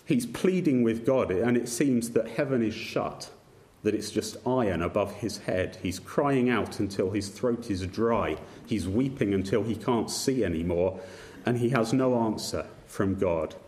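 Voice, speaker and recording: A man's voice: on the low side, a little mellow. A man preaching a sermon, earnest, with frequent restarts and repeated words. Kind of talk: sermon on a psalm.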